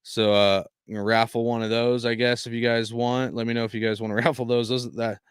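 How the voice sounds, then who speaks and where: A man's voice: mid-range voice, level tone, quick pace, smooth, no echo, studio quality. A young man chatting casually on a live stream while opening football cards, swearing and laughing often. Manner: laughing, swearing, loud exaggerated dismay.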